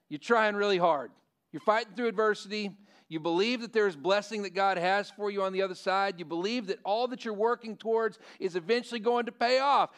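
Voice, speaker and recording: A middle-aged male pastor preaching a sermon in a conversational way, often asking the congregation questions. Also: sits high.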